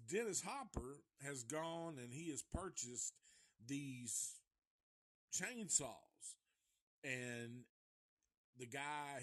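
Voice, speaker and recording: A man casually recapping a movie live, rambling and profane, and chuckling often as he goes. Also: medium pitch. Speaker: movie reviewer.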